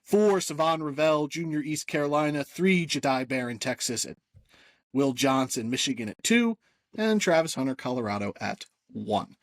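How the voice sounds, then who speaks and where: This man co-hosts a casual sports podcast and runs through his list in a loose, easygoing way. His voice sits a touch high, and the sound is dry and close with no room around it. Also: expressive, no echo. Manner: easygoing, lists rankings rapidly. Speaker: podcast co-host. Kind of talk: casual chat.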